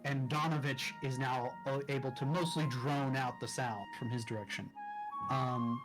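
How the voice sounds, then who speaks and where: Dm guy narrating the scene, medium voice, slow and careful, over a call mic. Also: mid-range voice, fairly even intonation, over music, low-quality recording. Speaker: dungeon master. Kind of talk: narrating a tabletop game. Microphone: discord call mic.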